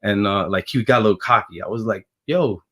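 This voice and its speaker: This former pitcher from Brooklyn, New York speaks with a New York accent and talks a little fast. Guesting on a casual chat, he recounts a story in an animated way, laughing along.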